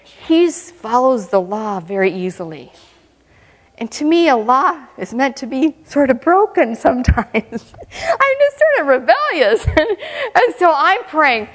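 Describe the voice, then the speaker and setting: A woman with a somewhat high voice tells her mission testimony in an animated, humorous way, laughing often as she goes. Her voice rings with the long reverb of a church hall. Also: takes it slowly. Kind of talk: lively testimony talk.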